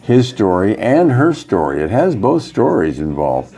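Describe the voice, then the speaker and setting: Halting, low-voiced spiritual teacher, a man. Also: wildly swooping pitch, warm tone, slightly rough. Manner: halting, rambling, frequent fillers. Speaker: yoga teacher. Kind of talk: casual spiritual monologue.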